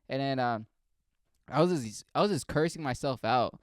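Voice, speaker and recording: A man's voice: medium pitch, expressive, moderate pace, dry recording, studio quality. A young man from Africa telling a profane, exasperated comedic story in a casual rant.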